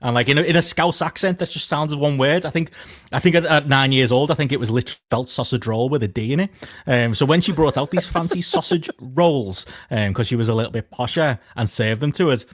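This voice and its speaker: Fast-talking man telling stories. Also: mid-range voice, dry recording, clean studio sound. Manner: rambling anecdotal, laughing asides. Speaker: podcast co-host. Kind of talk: casual podcast chat.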